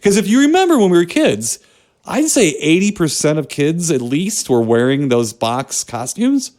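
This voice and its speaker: A man's voice: fairly high pitch, big pitch swings, moderate pace, darkish tone. A man co-hosting a podcast, chatting about movies in a joking, rambling way. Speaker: podcast co-host. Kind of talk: casual movie chat.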